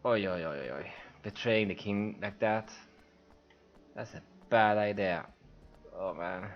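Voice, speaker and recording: A man's voice: fairly low pitch, unhurried, dull audio. Swedish-accented man narrating a game. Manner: emotional, sighing, reads everything aloud. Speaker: let's play streamer. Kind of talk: narrating gameplay aloud for blind viewers.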